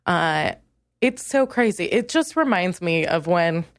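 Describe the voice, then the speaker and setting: A woman's voice: animated, unhurried, no echo, studio quality. Acerbic woman comic, ranting and crude. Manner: crude, acerbic ranting with sudden high jumps in pitch. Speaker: stand-up comedian hosting a podcast. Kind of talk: comedic monologue.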